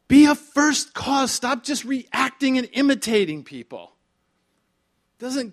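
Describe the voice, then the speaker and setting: A middle-aged man preaching a sermon as pastor, telling stories animatedly, acting out dialogue and dropping at times into whispers. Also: sits high.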